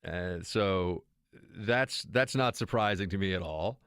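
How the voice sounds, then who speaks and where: Give me a low-pitched man, a talk host, sarcastic and emphatic, recorded dry. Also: unhurried, fairly bright tone, smooth, no echo. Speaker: radio host and political commentator. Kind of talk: political talk commentary.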